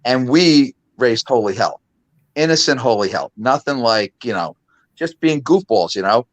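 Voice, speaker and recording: A man's voice: mid-range voice, moderate pace. A man in his fifties, a guest on a video call, telling stories in a casual, laughing chat. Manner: animated, laughing storyteller.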